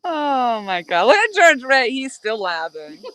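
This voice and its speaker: Brief: upbeat host, bright and a bit high, giggly, casual outdoor fishing stream chat. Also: female voice, smooth, low-quality recording. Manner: giggly, keeps breaking into laughter.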